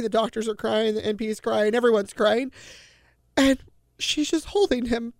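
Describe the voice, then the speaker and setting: A woman's voice: fairly high pitch, moderate pace, darkish tone, dry recording, clean studio sound. A woman in her forties, a mother earnestly recounting a family story as an interview guest, sighing often and acting out what each person said.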